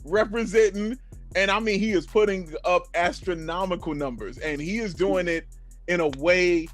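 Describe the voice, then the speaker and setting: A man's voice: sits high, moderate pace, faint music behind. A man hosting a sports podcast, steering the talk and teasing his co-hosts. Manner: steady moderator who teases. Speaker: podcast host. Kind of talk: casual sports chat.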